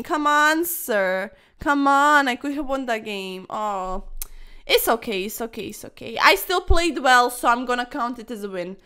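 A woman's voice: fairly high pitch, lively intonation, normal speed, sharp tone, clean tone. A young woman commentating her own online chess games in a playful, dramatic way, full of quirky slang and mock-formal asides. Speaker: chess streamer.

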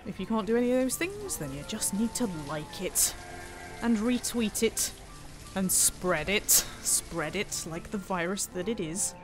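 A playful, chatty woman, commenting as she builds a town in a live game stream. She thanks viewers, muses aloud and talks to herself, her voice sitting at a middle pitch. Faint music plays behind her. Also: sing-song, a little slow.

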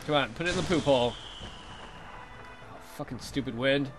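A young man commentating his own game play casually, excitable and jokey, swearing often and talking back at the game. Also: mid-range voice, fairly quick, music in the background. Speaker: let's play host.

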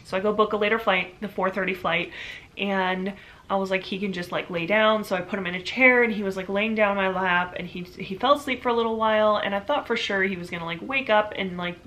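Bright-voiced mom telling a vlog story. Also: female voice, medium pitch, brisk. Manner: chatty, lots of "like", animated retelling. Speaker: vlogger, mother.

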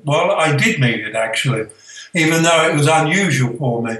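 An older man, a spiritual author, telling a personal story in an earnest, halting way with many fillers. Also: a little high, animated, pushed and bright. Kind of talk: storytelling, reflective. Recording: echoey room, distant from the mic.

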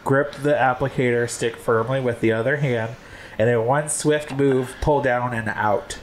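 A man's voice: medium pitch, steady tone, measured pace, slight background noise. A man chatting casually on a video, laughing a lot and reading instructions aloud. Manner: giggly, reads instructions aloud. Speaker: video co-host.

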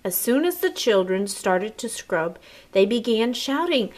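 Reading a picture book to a group of children, this teacher goes slowly and with expression, pausing for small asides to them. She has a mid-range voice.

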